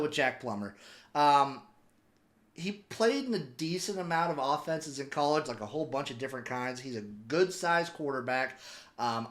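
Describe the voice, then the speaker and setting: A young man talks loosely through his opinions like a regular podcast host. His voice sits at a middling pitch, and he rambles, throwing in sudden animated asides. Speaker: football podcaster. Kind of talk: casual sports commentary.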